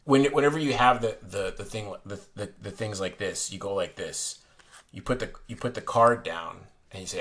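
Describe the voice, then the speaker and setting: A man with a fairly low voice walks through a card trick in a relaxed, rambling vlog. He often stops and restarts his sentences, as if thinking aloud while his hands work. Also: normal speed. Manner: rambling, self-correcting, chatty. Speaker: playing card reviewer. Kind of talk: casual tutorial vlog. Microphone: desk camera looking down on hands.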